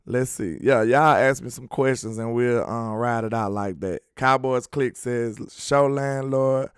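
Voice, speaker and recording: Smooth-voiced man hosting sports talk. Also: medium pitch, fairly even intonation, a little slow, no room sound, clean studio sound. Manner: slangy and emphatic, worked up about his team. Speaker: sports talk show host. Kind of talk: casual livestream chat reading viewer comments.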